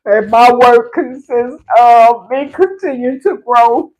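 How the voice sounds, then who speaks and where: A woman's voice: fairly high pitch, slow, darkish tone, slight background noise, rough recording. A woman giving a casual faith testimony on a livestream. She sounds fervent and tearful and often slips into preaching. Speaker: livestream host sharing a personal faith testimony.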